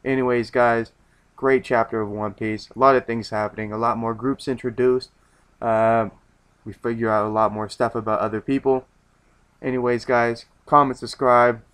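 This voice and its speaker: A man's voice: medium pitch, flat delivery, moderate pace, a bit bright, clear, resonant tone. A man reviewing in a loose casual chat, rambling with many restarts and casual swearing.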